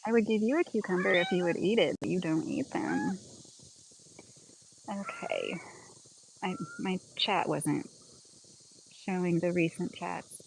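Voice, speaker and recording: Woman chatting on a phone livestream in her garden, kinda low voice, says "like" a lot, bugs chirping in the background. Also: a little slow, creaky, long pauses, slight background noise, rough recording. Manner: chatty and rambling, lots of "like" and laughs. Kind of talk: casual livestream chat. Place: home and outdoor garden.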